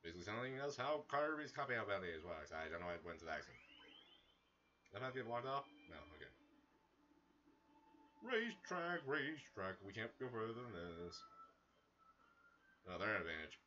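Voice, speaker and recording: A man giving casual, excitable commentary as he plays a video game, breaking into sudden loud outbursts. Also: lowish voice, fast talker, pauses often, muffled recording, a little hiss or hum. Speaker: gaming streamer. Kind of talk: casual let's-play commentary.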